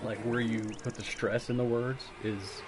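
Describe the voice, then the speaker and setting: A man's voice: mid-range voice, level tone, normal speed. A man chatting casually while streaming a game, rambling and thinking aloud as he plays. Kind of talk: casual gameplay chat. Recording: game music loud behind voice. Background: game music.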